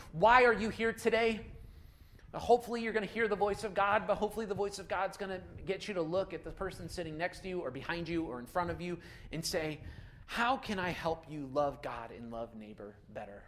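Male preacher, animated delivery, higher-pitched voice, storytelling from the pulpit. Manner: animated preaching with repeated emphatic refrains. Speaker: pastor. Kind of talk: sermon.

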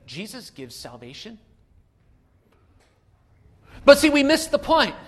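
A man preaching a sermon without notes, moving between quiet asides and loud emphatic calls. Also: very high-pitched. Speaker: pastor.

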